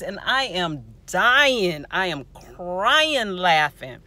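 A woman in her forties telling a personal story to her viewers in an animated, lively way. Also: on the low side, very slow, hardly any pauses. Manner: animated, lively storytelling with playful quoted voices. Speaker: vlogger remembering a friend.

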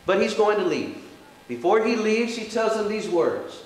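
Earnest man preaching in a church, pretty high voice, gets emphatic, lots of echo. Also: sing-song, moderate pace. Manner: earnest, rising to emphatic peaks, rhetorical questions. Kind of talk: sermon. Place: church hall. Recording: echoey church hall.

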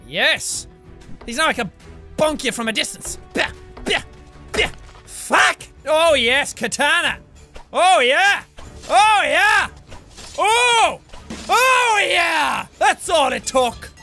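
A young Irish man giving energetic let's-play commentary, swearing constantly and yelping and cheering at the game. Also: very high-pitched. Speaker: gaming YouTuber.

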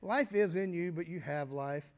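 A man preaching a teaching sermon, explaining step by step and often pausing with fillers and restarts. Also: fairly high pitch. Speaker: pastor.

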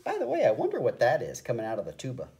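A woman teacher reading a picture book aloud to young children as an expressive storyteller. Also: rumbling low, racing. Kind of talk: children's read-aloud narration.

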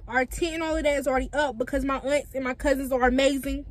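A young woman filming a casual selfie vlog on her phone from inside a car, chatty and excitable, sometimes hollering. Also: high-pitched, fast talker, hardly any pauses, rough recording. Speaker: vlogger. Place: inside a car on a road trip. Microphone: phone held at arm's length.

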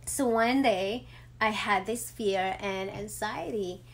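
Slow-talking woman, heartfelt vlog. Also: medium pitch. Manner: heartfelt, with many fillers. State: emotional, near tears. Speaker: vlogger. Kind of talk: personal vlog.

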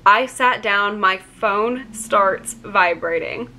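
A young woman tells a personal story to her camera in a bright, clear voice. She talks in a chatty way, full of "like" fillers, and her voice catches with feeling. Her pitch sits in the middle of the usual range for a woman. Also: takes it slowly, slight background noise. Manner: chatty, many "like" fillers, gets choked up. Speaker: vlogger.

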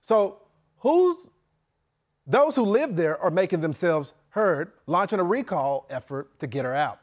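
A man's voice: a little high, lively intonation, moderate pace. A man hosting a cable news segment, delivering a scripted, opinionated monologue with emphatic delivery. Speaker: news host.

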